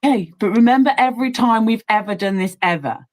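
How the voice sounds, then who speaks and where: A woman's voice: fairly high pitch, fast talker, rough recording. A woman in casual chat, teasing and playful, laughing often.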